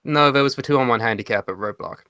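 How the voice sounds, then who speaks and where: A man's voice: mid-range voice, fast talker, pushed and bright, smooth, dry recording. A young man co-hosting a casual chat, confident and argumentative as he breaks down his points. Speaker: co-host.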